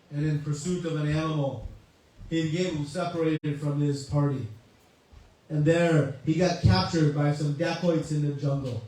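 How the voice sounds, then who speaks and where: A man's voice: a little high, dark tone, a little hiss or hum. A man, a spiritual teacher, giving a conversational sermon with a story. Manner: conversational, uses many "you know" asides. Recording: echoey hall, mic far off, faint ambience.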